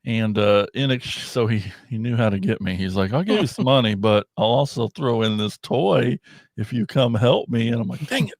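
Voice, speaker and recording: A man hosting a podcast in casual chat, rambling and excitable, often trailing off and starting over. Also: fairly low pitch, normal speed, dry recording, studio quality. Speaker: podcast host.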